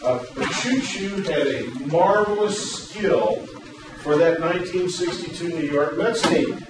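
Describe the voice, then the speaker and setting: A male workshop presenter telling a story in a lively way, then explaining a program, recorded from a distance in a large room. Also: a little high, a little slow. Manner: animated storyteller, loud acted quotes. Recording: echoey hall, distant mic, room noise.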